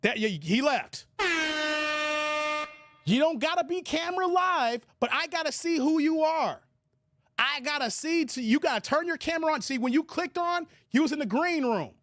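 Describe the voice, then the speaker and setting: Greeting his chat by name, this US live streamer talks in a relaxed, lively way, laughing quickly and speeding through emphatic stretches. His voice is very high. The audio is close and dry, without echo or room tone.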